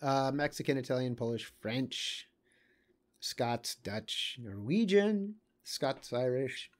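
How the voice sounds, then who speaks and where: A man walks through a set of maps in a loose, unscripted lecture. He thinks out loud, stops and restarts, and fills his pauses with small asides. His pitch sits in the middle range. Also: lively intonation. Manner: thinks aloud, halting, with many fillers and small asides. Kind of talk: casual lecture commenting on maps.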